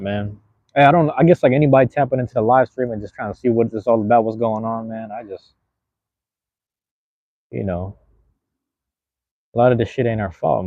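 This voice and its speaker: A man's voice: on the low side, no echo, muffled recording. A young man from the US West Coast hosting a live stream, talking in a laid-back, rambling way with street slang and lots of cursing. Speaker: podcast host and live streamer. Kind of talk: casual live-stream monologue.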